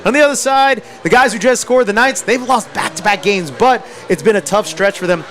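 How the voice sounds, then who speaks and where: A man calling a high school football game play by play, building to shouts on big plays. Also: lively intonation, brisk, faint music behind. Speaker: play-by-play announcer. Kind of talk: live sports play-by-play commentary.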